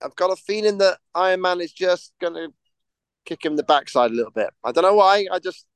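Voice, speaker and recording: Smooth-voiced man, rambling. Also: sits high, a little fast, dry recording. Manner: rambling, hesitant, full of ums and restarts, laughs easily. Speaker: podcast co-host. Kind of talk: casual chat.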